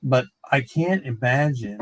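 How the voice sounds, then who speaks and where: A man's voice: medium pitch, lively intonation, unhurried, no echo. A man chiming in with wry remarks during a casual roundtable chat.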